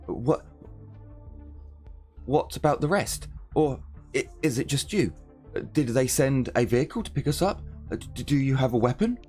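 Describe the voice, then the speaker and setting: A man's voice: mid-range voice, animated, moderate pace, long pauses, a little mellow, soft background music, voice pushed up, natural voice. A man reading as a frightened woman survivor. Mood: urgent. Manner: urgent, anxious questioning.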